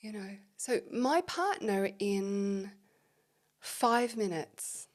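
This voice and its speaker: A woman who leads intimacy workshops, talking expressively in a podcast conversation and often dropping to soft, breathy tones. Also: mid-range voice, animated, very slow.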